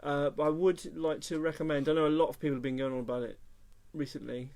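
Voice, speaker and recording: A man's voice: on the high side, steady tone, fast, a little mellow. A man from England co-hosting a casual music podcast, chatty, laughing often and trailing off into restarts. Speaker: podcast co-host. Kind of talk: casual chat.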